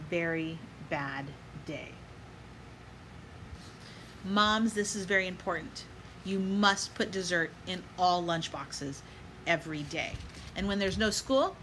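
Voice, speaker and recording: A woman reads a children's picture book aloud in a bright, clear voice, pausing now and then to give small life lessons to children and parents. She asks her young listeners to chant along with her. A faint hiss sits under her voice. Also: mid-range voice, low-quality recording. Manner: pauses to add gentle life lessons for kids and moms. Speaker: storybook reader.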